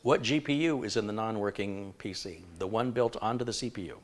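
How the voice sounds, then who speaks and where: Male live-stream tech host, somewhat low voice, chatty and rambling, corrects himself mid-sentence. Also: fairly quick. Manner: thinks aloud, rambling with self-corrections. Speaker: computer repair host.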